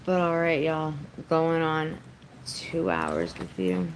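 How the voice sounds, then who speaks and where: A woman's voice: low-pitched, sing-song, slow pace, a little hiss or hum, rough recording. A woman vlogger chatting casually on a livestream from her home during a storm, doting on her dog.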